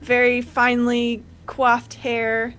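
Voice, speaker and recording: A woman running a tabletop game as game master, narrating in a relaxed way with many fillers. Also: a little high, slow pace, a little hiss or hum, poor audio.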